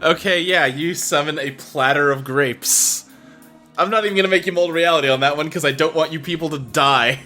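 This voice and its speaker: Bright-voiced man running a game. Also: fairly high pitch, a little fast, faint music behind. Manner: wry, blunt narration. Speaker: game master. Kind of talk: narrating a tabletop game.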